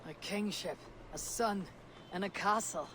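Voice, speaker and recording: A woman's voice: medium pitch, a little slow, noisy background, lightly acted. An actress playing a confident, blunt Viking woman warrior in a video game. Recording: game audio over loud city ambience.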